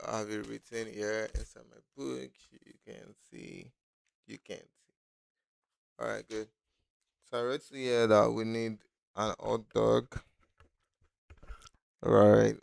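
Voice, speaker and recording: A man's voice: on the low side, vocal fry, a little mellow, clean tone, dry recording, studio quality. A man hosting a casual live-stream design tutorial, talking loosely and thinking aloud with many fillers. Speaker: design instructor.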